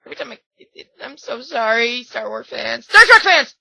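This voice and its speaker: A young woman gushing through slideshow commentary, squealing with excitement, her throat sore and strained. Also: fairly high pitch, a little fast, gravelly, dry recording. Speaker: vlogger. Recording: dull, dry lo-fi recording.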